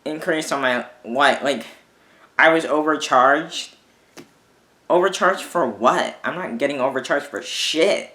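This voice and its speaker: A man's voice: a little high, measured pace, bright, forceful tone. A man, a vlogger, ranting in a casual monologue, exasperated, swearing often and restarting his sentences. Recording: echoey room.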